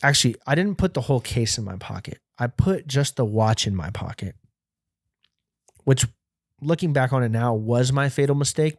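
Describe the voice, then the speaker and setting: A young man hosting a podcast, casually telling a story in a profane, animated way. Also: medium pitch, no echo, studio quality. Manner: profane, animated, acts out quoted voices. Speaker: podcast host.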